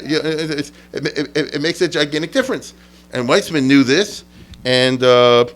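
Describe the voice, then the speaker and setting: A middle-aged man, a rabbi, giving an informal history lecture in a chatty, digressive way, acting out quotes from the people he describes. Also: mid-range voice.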